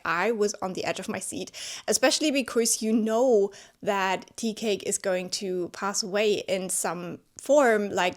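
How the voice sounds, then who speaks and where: A woman vlogging from home about a novel, talking in a loose, chatty way with lots of fillers and self-corrections. She speaks English as a second language and sounds openly moved, often exclaiming as she goes. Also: medium pitch. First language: not English. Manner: chatty, heavy use of "like" and restarts; emotionally animated, exclaiming. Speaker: book vlogger. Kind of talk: casual spoken book review. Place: at home with her cat.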